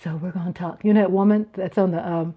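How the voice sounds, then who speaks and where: A woman's voice: fairly low pitch, steady tone, fast talker, narrow, tinny audio. A woman in her fifties hosting a casual livestream, reading chat comments aloud with playful giggles and little sung riffs. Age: 50s. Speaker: livestream host.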